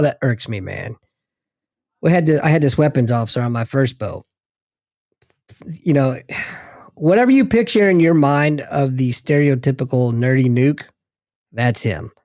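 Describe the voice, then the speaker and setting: A man in casual chat, blunt and profane, telling his own stories with expressive delivery. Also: mid-range voice, no echo, studio quality.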